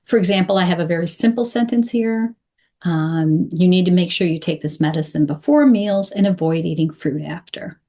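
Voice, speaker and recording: A woman coaching clear English, speaking deliberately and modeling phrases slowly with pauses. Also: lowish voice, warm tone. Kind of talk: instructional talk to camera.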